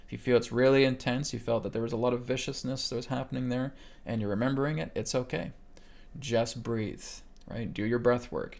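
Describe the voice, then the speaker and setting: A meditation instructor with a gravelly, medium-pitched voice teaches a healing technique on a live webcast, calmly guiding listeners through breath work step by step. He speaks at normal speed in an even, flat tone, checking in often with "okay?".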